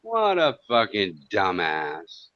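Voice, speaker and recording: A man's voice: fairly low pitch, wildly swooping pitch, slow pace. A man hosting a livestream, ranting at chat trolls in a profane, taunting, sarcastic way. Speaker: livestream host. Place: home in Thailand. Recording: dull lo-fi stream audio.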